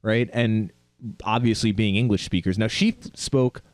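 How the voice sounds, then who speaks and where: A man's voice: fairly low pitch, steady tone, moderate pace, darkish tone, no echo. Man telling a rambling anecdote. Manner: rambling anecdote with quoted asides. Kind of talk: casual chat.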